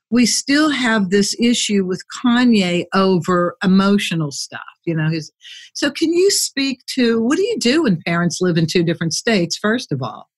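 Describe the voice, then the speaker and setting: A woman hosting a casual podcast interview, chatty and quick to laugh. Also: medium pitch. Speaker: podcast host.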